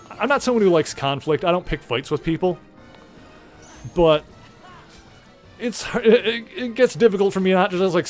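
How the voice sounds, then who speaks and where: Male streamer, casual rambling game commentary, casual swearing, slightly higher voice, soft music bed.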